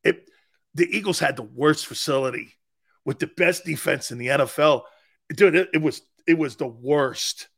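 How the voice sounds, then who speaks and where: A man in his sixties hosting a sports talk show, telling loud, profane stories with frequent laughs. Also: a little high, moderate pace, gravelly, husky.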